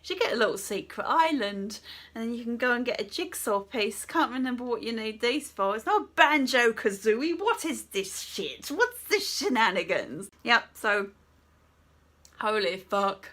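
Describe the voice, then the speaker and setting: Brief: woman gaming vlogger, sweary exasperated rant, bright edgy tone. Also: fairly high pitch, very animated, measured pace. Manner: exasperated, swears a lot, laughs often.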